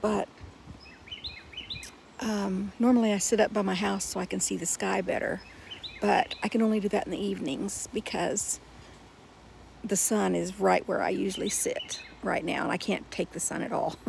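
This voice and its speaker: A middle-aged woman, chatting in a relaxed, rambling way while sitting outdoors under trees. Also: medium pitch, moderate pace, gravelly, pauses often, slight background noise. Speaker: vlogger. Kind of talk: casual chat to camera. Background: faint outdoor sounds with birds.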